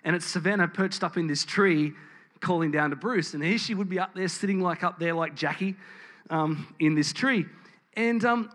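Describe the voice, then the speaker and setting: A man's voice: high-pitched, expressive, a little fast, fairly bright tone. A man preaching a sermon in church, candid and storytelling, with frequent ums and restarts. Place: church building with congregation.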